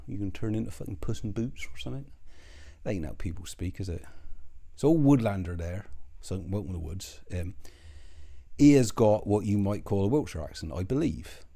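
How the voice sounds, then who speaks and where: A fairly low-voiced man talks straight to his viewers in a loose, rambling monologue. He swears freely, drifts off track and pulls himself back with dry, sardonic asides. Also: expressive, a little fast, warm tone. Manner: sardonic, rambling, self-interrupting. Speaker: commentary channel host.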